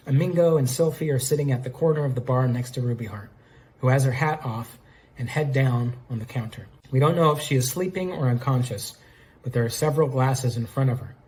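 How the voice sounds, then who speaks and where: A man's voice: medium pitch, a little mellow, slight background noise. A man reading his own fan script aloud in a casual, self-aware way, narrating the actions and naming the speakers. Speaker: script reader.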